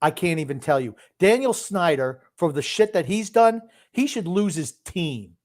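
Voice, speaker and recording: A man's voice: sits high, lively intonation, moderate pace. A man co-hosting a sports podcast, giving blunt, grumpy opinions in casual chat. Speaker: podcast co-host.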